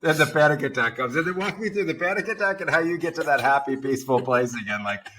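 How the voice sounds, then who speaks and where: Male podcast host, crisp bright tone, enthusiastic interviewer. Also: fairly high pitch, lively intonation, quick pace. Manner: enthusiastic, encouraging questioner. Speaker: podcast host, spiritual teacher. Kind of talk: conversational interview.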